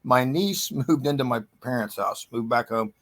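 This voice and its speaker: A man's voice: mid-range voice, moderate pace. A middle-aged man casually telling a true ghost story in a rambling, chatty way with frequent restarts. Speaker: guest storyteller.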